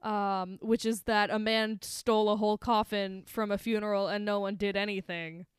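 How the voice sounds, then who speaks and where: A woman's voice: mid-range voice, level tone, moderate pace, clear, resonant tone, no room sound, studio quality. A young woman co-hosting a podcast, chatting casually as she recaps a film, laughing often, sarcastic and swearing freely. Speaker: podcast co-host.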